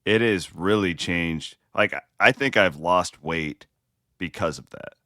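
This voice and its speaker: Deep-voiced chatty male podcast host. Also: measured pace, bright, forceful tone, no room sound, studio quality. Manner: chatty, self-deprecating, frequent restarts. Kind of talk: casual sports chat.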